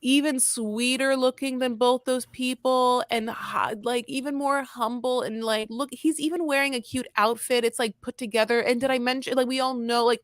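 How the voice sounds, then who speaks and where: A woman's voice: fairly high pitch, no room sound, studio quality. A woman co-hosting a podcast, recapping a reality show in casual chat and rambling on with lots of "like" and self-interruptions. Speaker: podcast co-host.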